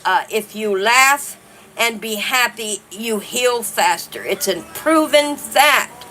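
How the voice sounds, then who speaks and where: A woman chats slowly and warmly with her viewers on a casual livestream. Her voice is bright and sits a little high. A faint noise hum runs under it. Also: animated. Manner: chatty, warm, reads viewer comments aloud. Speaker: livestream host.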